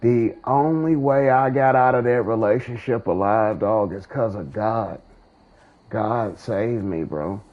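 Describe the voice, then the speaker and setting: A man with a lowish voice and slow pace hosts his gaming channel, drawling casually in slang about faith and a breakup, much like a testimony. It's a relaxed monologue recorded on a streaming mic that sounds dull and lo-fi.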